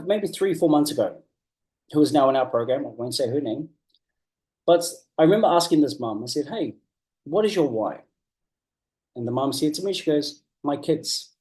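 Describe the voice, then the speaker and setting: A man giving a motivational coaching talk, earnest and emphatic, repeating key phrases and slowing down to drive points home. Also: fairly high pitch, warm tone. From New Zealand. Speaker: business coach.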